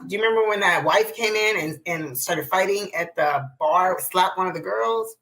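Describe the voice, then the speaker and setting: A woman's voice: fairly low pitch, normal speed, low-quality recording. A woman in her forties from Pasadena, California, a former exotic dancer, telling stories in a casual chat and acting out the people she quotes, laughing often. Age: 40s. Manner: animated storyteller, acts out quoted voices, laughs often.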